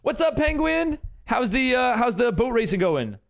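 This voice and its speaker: A man's voice: very high voice, sing-song, moderate pace, vocal fry. A man chatting with his live-stream viewers while gaming, rambling with many fillers and restarts and greeting viewers upbeat. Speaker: livestreamer and server host.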